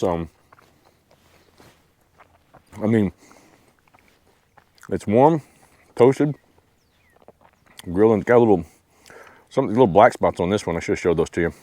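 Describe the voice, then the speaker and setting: Casting: easygoing man in an outdoor vlog, lowish voice, dry close sound, rambling chat. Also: mellow, no room sound. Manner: laid-back, rambling, talks to his dog. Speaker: outdoor vlogger. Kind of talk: casual camping vlog talk. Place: outdoors at a lakeside campsite.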